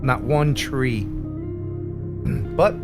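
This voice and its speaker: A man's voice: medium pitch, very slow, over music. A man hosting a casual live-stream chat, joking and playful as he talks. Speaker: host of a live show.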